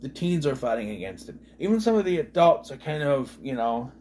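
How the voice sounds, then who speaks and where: A man's voice: medium pitch, big pitch swings, a little fast, darkish tone, slight background noise. A man giving a casual, rambling movie review, trailing off with lots of asides. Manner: rambling, full of "you know" and restarts.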